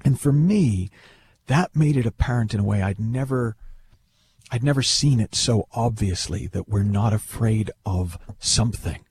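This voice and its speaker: Deep, gravelly man telling a story. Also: measured pace, a little hiss or hum. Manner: animated, repeats words while thinking aloud. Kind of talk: casual storytelling talk.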